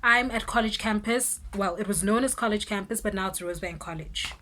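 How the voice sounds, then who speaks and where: A South African woman in her twenties telling an animated storytime vlog, switching languages and breaking into loud exclamations. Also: medium pitch, brisk, noisy background. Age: 20s. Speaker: vlogger.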